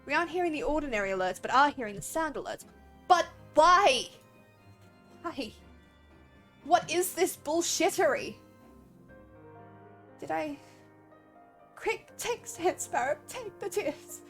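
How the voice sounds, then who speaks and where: Young woman game streamer, high animated voice, excitable and swearing, faint music behind. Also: moderate pace, long pauses. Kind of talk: casual live-stream chat.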